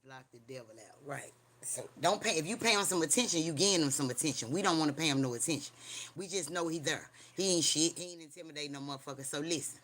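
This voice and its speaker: A fast-talking livestream host with a medium, slightly bright voice chats casually from home, rambling and cursing. Using lots of slang, the host mixes a spooky personal story with street preaching and keeps asking viewers, "you hear me?"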